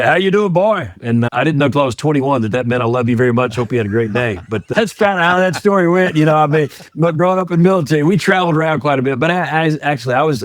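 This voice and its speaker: A middle-aged man from Georgia, a guest on a podcast, telling stories in a warm, enthusiastic way and laughing easily. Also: fairly high pitch, dry recording, studio quality. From US, grew up in Georgia. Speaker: podcast guest, ministry founder. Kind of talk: casual interview storytelling.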